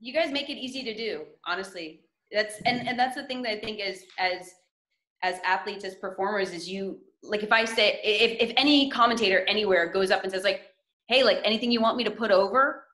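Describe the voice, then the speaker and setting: A woman wrestling commentator rambles casually on a group call. Her voice is bright and sharp. The room around her is echoey. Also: mid-range voice, a little fast. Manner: rambling with restarts. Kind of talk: casual video call chat.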